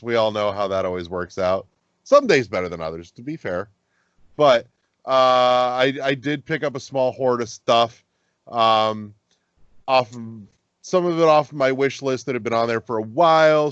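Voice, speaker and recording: A man co-hosting a casual gaming podcast, rambling and swearing as he gets excited about games. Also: mid-range voice, smooth, no room sound, muffled recording. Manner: rambling, profane, animated when excited. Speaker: podcast co-host.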